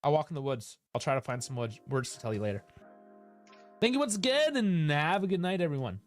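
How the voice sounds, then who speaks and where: A man's voice: a little high, big pitch swings, fast talker, soft background music. A man hosting a live football stream, talking in a casual, frustrated and sarcastic way, with plenty of swearing. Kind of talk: casual live-stream post-match rant.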